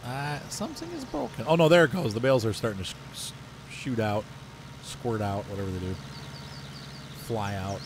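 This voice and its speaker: A man casually commentating his own farming game, chatty and self-mocking, often jumping into playful high exclamations. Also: big pitch swings, brisk, noisy background. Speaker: gameplay commentator. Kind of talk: casual let's-play commentary.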